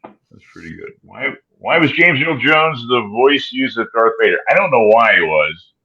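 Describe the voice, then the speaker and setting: A man's voice: medium pitch, big pitch swings, normal speed, pushed and bright, slightly rough. A man co-hosting a casual chat, musing aloud and hedging his points. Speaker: podcast co-host. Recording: dull lo-fi sound.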